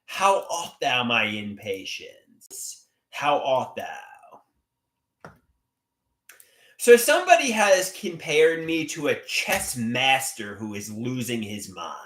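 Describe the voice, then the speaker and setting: This man rambles on a livestream, reading viewer comments aloud in a casual way with dramatic rises and falls in pitch and loudness. His voice sounds pushed and bright, with plenty of reverb.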